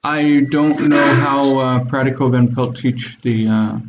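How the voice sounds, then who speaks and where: A man's voice: mid-range voice, fairly even intonation, measured pace, heavy background noise. Man, online class teacher, step-by-step explaining, slightly dull video-call sound. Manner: explains step by step, checks in with "okay?". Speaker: Biblical Hebrew teacher.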